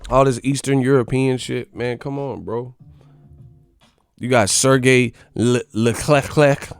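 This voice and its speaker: A man rants about boxing in a loose, profane, mocking way, riffing on one target after another. His voice sits at a middle pitch and is recorded close and dry. Faint music plays underneath. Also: fairly even intonation, unhurried, creaky, clear, resonant tone, no echo. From United States. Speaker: boxing commentator. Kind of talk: casual rant.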